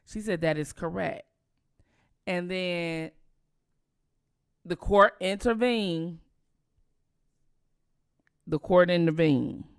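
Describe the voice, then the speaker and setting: Gravelly low-voiced woman, sarcastic. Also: fairly bright tone, no echo, clean studio sound. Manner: blunt, sarcastic asides. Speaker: commentary channel host. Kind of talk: casual commentary recounting court testimony.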